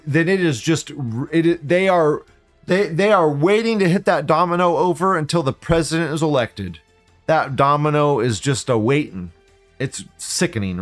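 A male livestream host reads chat messages aloud and fires back with blunt, profanity-laced rants. His voice sits at an ordinary middle pitch. Faint music plays quietly behind him. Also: lively intonation, normal speed. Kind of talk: ranting commentary reading viewer chat.

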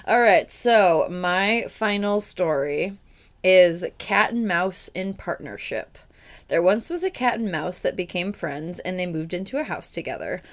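A woman's voice: fairly low pitch, lively intonation, unhurried. A woman co-hosting a podcast, casually retelling a fairy tale with wry asides and swearing. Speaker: podcast co-host. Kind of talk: casual storytelling chat.

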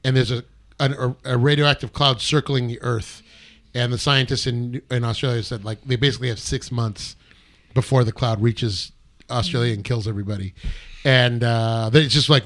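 A man's voice: mid-range voice, fairly even intonation, normal speed. Chatty man hosting a movie chat. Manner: chatty, asks the group questions and retells stories. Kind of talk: casual movie discussion.

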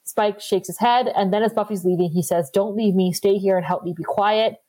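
A woman's voice: mid-range voice, fairly even intonation, normal speed, warm tone. A woman co-hosting a casual podcast, retelling scenes with quoted lines and laughing often. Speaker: podcast co-host. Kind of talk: casual recap chat.

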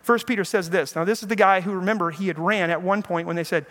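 Pastor, male, high voice, lively storytelling preacher who plays out the quotes. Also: fast. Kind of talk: sermon.

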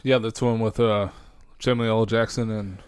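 A man speaks in casual conversation and mostly chimes in with brief, dry comments. His voice sits low. The sound is dry, with little room echo. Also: fairly even intonation, moderate pace, darkish tone, clear, resonant tone. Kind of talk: casual chat.

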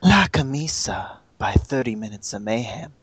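A man voicing a sultry female ad announcer in a breathy whisper, for a parody ad read. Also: medium pitch, expressive, normal speed, fairly bright tone, no echo.

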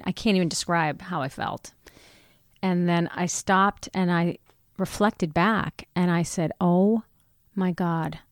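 A woman's voice: fairly low pitch, clear, resonant tone, dry recording. Middle-aged woman, candid storytelling, acts out quotes, dry close sound. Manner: candid, animated retelling with voiced quotes. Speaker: guest. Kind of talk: personal storytelling in conversation.

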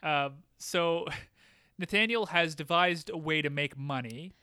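Playful podcast co-host, man, bright crisp voice. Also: fairly high pitch, measured pace, dry recording, studio quality. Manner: joking, playful, acts out quotes. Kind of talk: casual chat recapping an episode.

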